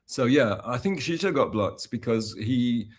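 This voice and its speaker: A man's voice: mid-range voice, expressive, measured pace. A male streamer talking to his chat in a loose, rambling way. He restarts sentences often and pokes fun at himself. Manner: rambling and self-mocking, with many restarts and fillers. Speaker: livestreamer. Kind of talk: casual livestream chat, reading and answering chat.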